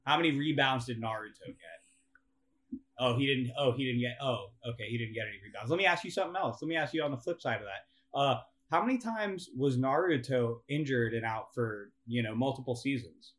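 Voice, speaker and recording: A young man co-hosting a casual sports talk show, ranting with lots of swearing and climbing higher in pitch as he gets worked up. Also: brisk, a bit bright. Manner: profane, ranting, laughs and rises in pitch when worked up. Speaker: podcast co-host.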